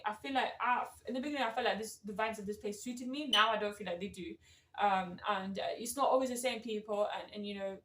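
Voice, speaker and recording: A young woman, chatting casually and telling a work story in slangy, lively bits, acting out what people said. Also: on the high side, distant mic. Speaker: vlogger. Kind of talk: casual chat. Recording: roomy echo, a bit off-mic.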